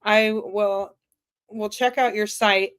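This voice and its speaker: Slow-speaking woman reading comments aloud. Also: medium pitch, steady tone, smooth. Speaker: co-host reading viewer comments. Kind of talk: live-stream Q&A.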